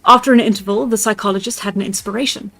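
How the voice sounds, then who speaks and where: A woman's voice: mid-range voice, fairly even intonation, quick pace, gravelly, a bit bright, no room sound, faint music behind. A woman reading a Victorian novella aloud on a live stream, chatting and laughing with her viewers between passages. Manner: laughs easily, chatty asides to chat.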